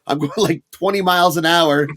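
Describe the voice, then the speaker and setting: High-voiced man telling a profane story. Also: fairly quick, fairly bright tone. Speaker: podcast co-host. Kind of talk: casual storytelling chat.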